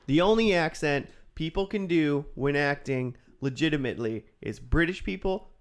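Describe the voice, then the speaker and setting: A man's voice: on the high side, expressive, normal speed. Young man, co-host, casual chat, rambling, many fillers. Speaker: podcast co-host.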